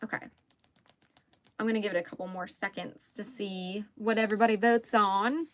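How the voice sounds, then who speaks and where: A young woman with a Southern American accent talks casually through a live crafting stream. She is chatty and easygoing, answers viewer comments and laughs easily. Her voice sits at an ordinary middle pitch. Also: steady tone, normal speed. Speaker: crochet livestreamer.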